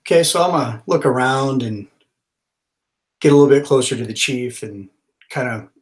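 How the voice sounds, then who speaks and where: A man's voice: mid-range voice, moderate pace. A man playing a tabletop role-playing game, describing his moves in a casual, rambling way. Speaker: player.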